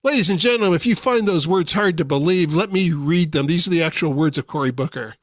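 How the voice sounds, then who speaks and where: A man's voice: fairly high pitch, fast, no echo. A man hosting a radio talk show, delivering a sarcastic, indignant political commentary monologue into a studio microphone.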